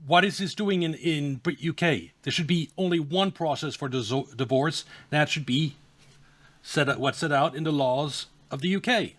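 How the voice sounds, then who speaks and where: Man giving halting political commentary. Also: on the high side, a bit bright. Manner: measured, halting with fillers. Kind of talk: opinionated commentary.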